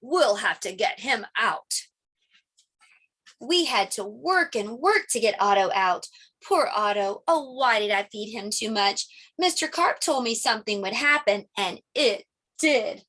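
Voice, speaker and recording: A middle-aged woman preschool teacher reading a picture book aloud to young children, animated and playing sound effects. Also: fairly high pitch, a little slow.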